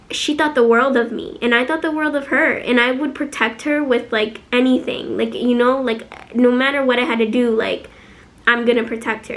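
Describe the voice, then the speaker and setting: A young woman from Chicago with a Chicago accent, telling a personal storytime vlog. She talks emotionally, fills her speech with "like" and acts out the other people's quotes. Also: on the high side. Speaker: vlogger.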